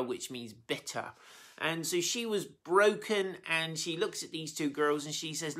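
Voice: medium pitch, a little slow. A preacher retelling a Bible story in a chatty sermon, with frequent fillers and restarts. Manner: conversational and lively, with many fillers and restarts, acting out quotes. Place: church meeting room.

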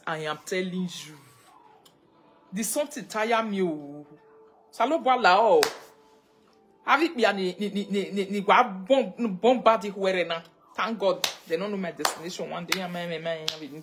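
Speaking into her phone on a casual live stream, a woman with a Nigerian Pidgin English accent says hello to viewers, chats, and occasionally chants lines of prayer. Her voice leans low and husky but has a fairly bright tone.

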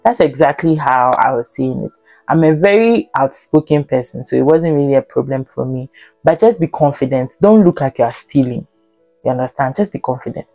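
Low-pitched chatty woman from Ghana. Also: animated, brisk, dark tone, dry recording, faint music behind. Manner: chatty, laughs often, acts out airport dialogue in a raised voice. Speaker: vlogger. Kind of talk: casual travel advice vlog.

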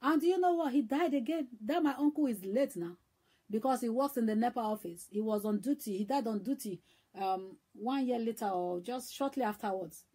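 A woman's voice: on the high side, normal speed, warm tone, slightly rough. A middle-aged woman with a Nigerian accent preaching an emotional sermon, fervent and exhorting, repeating phrases for emphasis. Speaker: evangelist preacher.

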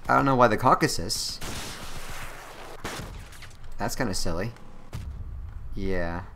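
Excitable man commentating a game. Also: fairly low pitch, slow pace, creaky, noisy background. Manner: excitable, exclaiming and laughing at the action. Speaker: gameplay commentator. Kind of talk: casual gameplay commentary.

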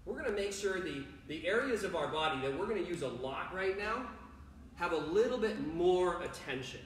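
A man's voice: high voice, expressive, normal speed, very echoey, a little hiss or hum. A man coaching a children's home gymnastics workout, upbeat and playful, talking straight to the kids watching. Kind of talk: kids' home workout lesson.

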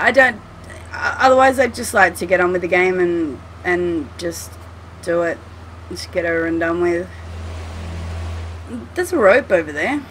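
A woman commentating her own gameplay from home, chatty and swearing freely as she talks to the game. Her speech is slow and her tone bright. A faint hiss sits behind her. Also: lowish voice. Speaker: gameplay streamer. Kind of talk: let's play commentary.

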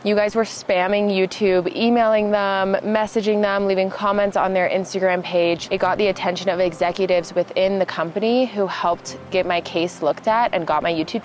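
A young woman talking to her vlog camera in a loose, chatty way. She leans on "like" and laughs easily as she recounts things, with a middle-pitched, everyday voice. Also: a little hiss or hum. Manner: chatty, laughing, filler-heavy with "like". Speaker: vlogger. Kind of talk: casual vlog storytelling.

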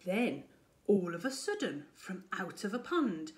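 A woman primary school teacher reading a picture book aloud to children in a remote lesson, with an animated, expressive delivery. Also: medium pitch, a little slow. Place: home-recorded remote lesson video.

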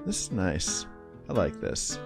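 A man's voice: low voice, wildly swooping pitch, takes it slowly, gravelly. A man hosting a let's play, chatting casually and rambling over the game's closing credits. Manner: laid-back, rambling, mumbling asides. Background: game music.

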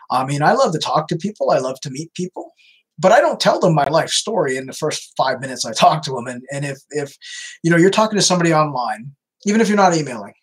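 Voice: medium pitch, husky, rough recording. A video host answering viewer questions in a casual chat, talking loosely with many restarts. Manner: chatty, repeats "you know", frequent restarts.

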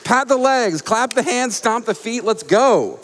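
A man works the crowd as a live event host, full of playful, showy banter and fancy words. His voice sits high and swoops all over the place. The sound carries a long hall reverb. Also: lively intonation, unhurried, a bit bright. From Atlanta, US. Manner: playful, showy emcee patter with big words. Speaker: marathon host. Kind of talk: hyped live event hosting.

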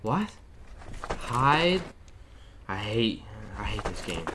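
Keyboard and mouse clicks accompany a young streamer as he plays a horror game and nervously addresses viewers. He speaks in a lowish, sing-song voice, drawing out words against a noisy background.

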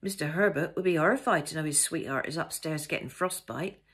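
A woman's voice: low voice, brisk, fairly bright tone, husky, full character voice. A woman reading aloud, voicing a bossy, motherly middle-aged cook who scolds the maid.

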